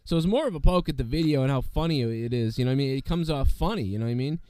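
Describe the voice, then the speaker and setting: A man hosting a podcast in casual chat, his voice hoarse from being sick, rambling with lots of fillers and swearing. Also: mid-range voice, animated, rapid-fire, dark tone, no room sound. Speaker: podcast host.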